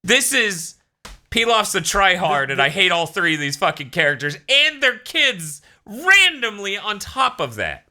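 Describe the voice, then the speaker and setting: A sarcastic man riffing on a casual podcast, swearing freely and mocking what he watched. His voice is bright and cutting, and his pitch jumps around a lot. He sits a little high for a man. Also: big pitch swings, unhurried. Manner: sarcastic, profane, mocking, acts out characters in silly voices. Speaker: podcast host.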